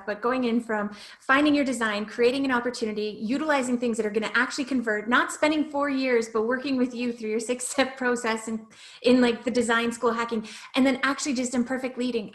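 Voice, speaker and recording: A woman hosts a podcast and wraps up with upbeat cheer. Her voice sits fairly high. It is recorded in a roomy, echoing space. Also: fairly bright tone. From Canada. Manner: upbeat, enthusiastic wrap-up. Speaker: podcast host. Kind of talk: casual interview chat.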